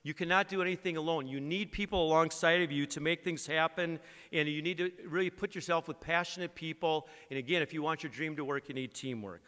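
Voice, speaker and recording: A man's voice: on the high side, brisk, pushed and bright. A middle-aged man giving an earnest, folksy motivational speech at an award event. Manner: earnest, folksy, uses an acronym and jokes. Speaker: credit union executive giving an award speech. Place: large event hall. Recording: reverberant banquet hall.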